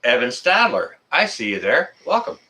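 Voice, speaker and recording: A man's voice: mid-range voice, animated, unhurried, bright, forceful tone. A man from Canada hosting a casual live stream, greeting viewers by name in a friendly, rambling way with many fillers.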